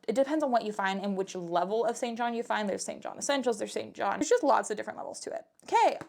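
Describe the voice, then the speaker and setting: A woman's voice: on the high side, a little mellow. A young adult woman, chatting casually and upbeat as she shows off her thrift finds. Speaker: thrift reseller vlogger. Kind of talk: casual vlog chat.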